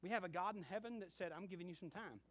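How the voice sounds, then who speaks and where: Animated preaching man, slightly high voice. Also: racing, slight background noise. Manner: animated storytelling with acted-out dialogue. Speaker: pastor. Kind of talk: sermon.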